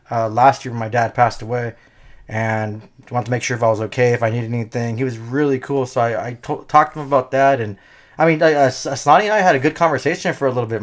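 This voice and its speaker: Excitable man in casual hockey podcast chat. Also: mid-range voice. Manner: excitable, laughs often, gets emotional. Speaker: podcast co-host.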